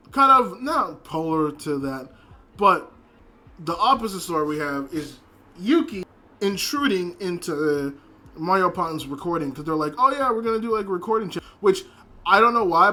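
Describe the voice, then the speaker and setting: Lively, bright-voiced man reviewing anime. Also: sits high. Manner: rambling, animated, swearing, laughing. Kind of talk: casual episode review.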